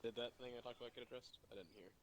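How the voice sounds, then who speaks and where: A man's voice: mid-range voice, very fast, a little hiss or hum. A man with a stuffy, nasal voice from being sick, earnestly reminding players about realism over game voice chat. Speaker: player in a military sim group.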